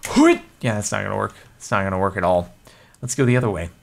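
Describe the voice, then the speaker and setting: A man's voice: fairly low pitch, quick pace, vocal fry, a little hiss or hum. A man casually commentating his gameplay, chatty and self-mocking. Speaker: gaming video host.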